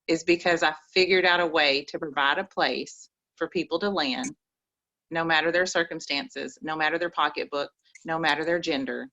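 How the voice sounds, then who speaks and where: A woman's voice: sits low, sharp tone, muffled recording. A woman with an East Texas accent giving folksy, preachy motivational advice on a group call. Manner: folksy, preachy, says y'all.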